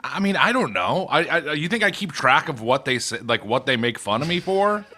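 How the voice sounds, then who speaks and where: A man's voice: a little high, big pitch swings, moderate pace, pushed and bright, slight background noise. Jokey bantering podcast co-host, man. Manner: jokey, bantering, lots of hesitation. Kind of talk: casual comedic chat.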